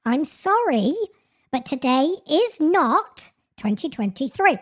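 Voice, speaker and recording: A woman's voice: high-pitched, sing-song, slow, voice pushed up, heavily acted. A woman voicing a sassy female AI chatbot with a put-on English accent, prim, stubborn and condescending. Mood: insistent.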